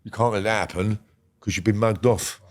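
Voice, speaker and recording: Blunt, low-voiced man. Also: fairly even intonation, moderate pace. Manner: blunt and heavy on swearing, drops to a low murmur. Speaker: guest. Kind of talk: casual podcast interview.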